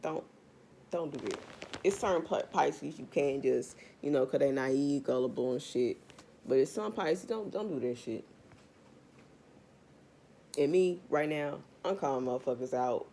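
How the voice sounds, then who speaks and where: A woman's voice: sits low, measured pace, pauses often, mellow, slight background noise. A woman doing a casual tarot reading vlog, talking straight to her viewers in a blunt, profane rant. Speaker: tarot reader.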